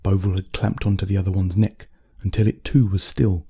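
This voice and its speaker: A man reading a bedtime story aloud in a calm, measured, soft-spoken way. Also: deep voice, slightly rough.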